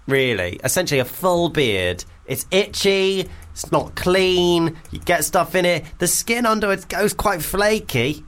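A man's voice: high voice, animated, fairly bright tone. Guy hosting comedy radio, chatty and jokey, voice rises and falls a lot. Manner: quick, joking, laughs often. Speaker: radio host. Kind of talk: casual comedy radio chat.

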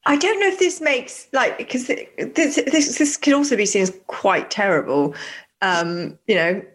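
A woman co-hosting a podcast in casual chat. She is excitable and gushing and swears freely. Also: medium pitch, moderate pace. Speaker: podcast co-host.

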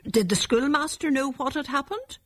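A woman's voice: sits high, animated, moderate pace, voice pushed up. A woman voicing a scolding village mother. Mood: worried. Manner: reproachful, then angry.

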